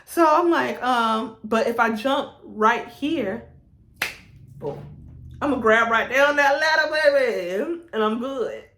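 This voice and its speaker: A young woman telling a casual storytime to her camera, animated and laughing through it. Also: a little high, slow pace. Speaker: vlogger. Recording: roomy echo.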